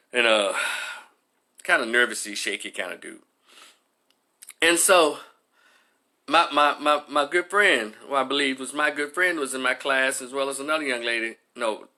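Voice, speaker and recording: Guy telling a story on his vlog, cusses a lot, bright edgy voice, pitch a bit high. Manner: animated, profane, conversational. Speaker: vlogger and commentator. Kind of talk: casual storytelling commentary.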